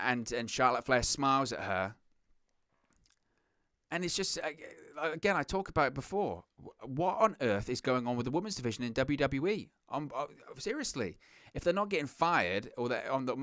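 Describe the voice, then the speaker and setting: A man's voice: medium pitch, fairly bright tone, no echo, clean studio sound. A man hosting a solo reaction talk, ranting in an exasperated, sarcastic way and repeating his points. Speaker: wrestling reaction host. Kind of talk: solo commentary vlog.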